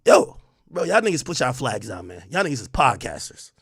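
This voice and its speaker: Hoarse man ranting on stream. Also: medium pitch, sing-song, fairly quick, no echo, studio quality. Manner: loud heated trash talk, then hushed near-whisper. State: losing his voice. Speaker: livestream host. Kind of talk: ranting livestream commentary.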